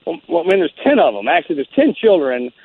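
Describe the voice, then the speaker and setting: A man's voice: a little high, huge pitch swings, fast, creaky, breathy edge. A former Navy SEAL guest telling a war story in a rambling, casual way, full of restarts and "man" and "dude". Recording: phone-like narrow band.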